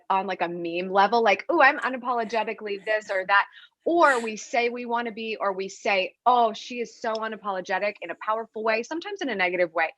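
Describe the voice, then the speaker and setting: A woman's voice: medium pitch, a bit bright, no echo, muffled recording. A woman hosting a podcast interview, talking in a chatty, rambling way with fillers and restarts. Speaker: podcast host. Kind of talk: casual interview chat.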